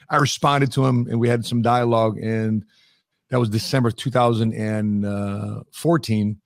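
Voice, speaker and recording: At a moderate pace and with some vocal fry, a middle-aged man shares lively stories as an interview guest, performing the quoted dialogue as he goes. His pitch is ordinary, and the recording is dry and close with no surrounding room.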